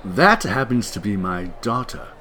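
A man's voice: on the low side, sing-song, unhurried, over a noisy crowd. A man improvising a pompous, snobbish rich father in a comedy scene, with a wide, swooping delivery. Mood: haughty. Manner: pompous, breaks into laughter.

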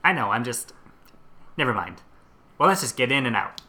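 A man voicing Agnes, an older woman who is blunt and sly, with a gruff, nerdy gangster-like delivery. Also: mid-range voice, sing-song, normal speed, sharp tone.

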